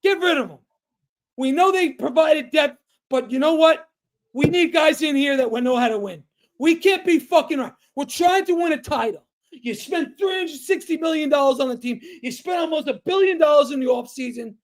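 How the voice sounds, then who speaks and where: Guy yelling on a sports podcast, high strained voice, cursing nonstop. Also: normal speed. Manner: angry, shouting, swearing a lot. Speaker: podcast co-host. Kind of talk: heated sports rant.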